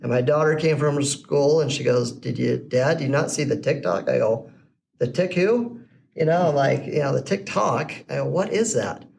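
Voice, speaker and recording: A man's voice: medium pitch, moderate pace, creaky, hardly any pauses. A middle-aged man, a podcast guest, telling his business story in a casual way and acting out the voices of the people in it. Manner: animated storyteller who acts out quoted dialogue. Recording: slightly distant mic with faint background noise.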